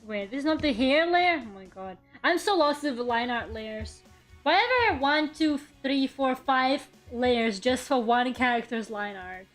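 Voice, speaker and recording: Young woman, high voice, chatty art streamer, faint music underneath. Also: expressive, measured pace. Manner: chatty, playful, mutters while working, sudden dramatic shrieks. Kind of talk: casual live-stream chat while drawing.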